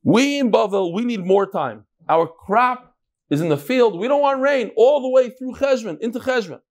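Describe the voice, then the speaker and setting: A man teaching a daily Talmud class, asking questions aloud and mixing untranslated Aramaic and Hebrew terms into his English. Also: normal speed. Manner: animated, leaps between loud questions and low asides.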